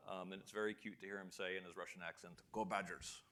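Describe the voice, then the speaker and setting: A middle-aged man speaking as a guest onstage, halting and full of restarts and repeated words. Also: deep voice, little pitch movement, sharp tone. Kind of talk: onstage conversation. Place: lecture hall before a live audience.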